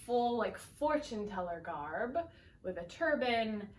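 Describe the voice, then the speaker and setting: Here the young woman's voice is higher and animated, yet she talks slowly. As a podcast co-host in a relaxed conversation, she recaps a sitcom episode and plays the characters' lines in affected voices, captured far from the mic in an echoey space with faint background noise.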